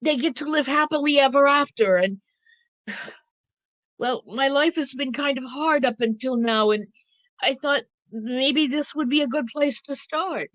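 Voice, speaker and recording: A woman's voice: high voice, measured pace, fairly bright tone, voice pushed up, rough recording. A woman storyteller voicing a scraggly, timid teenage girl who stammers and hesitates.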